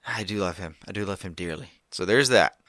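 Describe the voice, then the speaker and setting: A man's voice: low-pitched, fairly quick, no echo, clean studio sound. A man co-hosting a film podcast, chatting casually and riffing on jokes. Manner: jokey, animated riffing. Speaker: podcast co-host. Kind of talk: casual chat.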